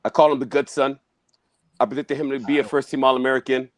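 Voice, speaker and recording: A man's voice: medium pitch, steady tone, fast. Brash, emphatic male sports panelist. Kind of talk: casual panel chat.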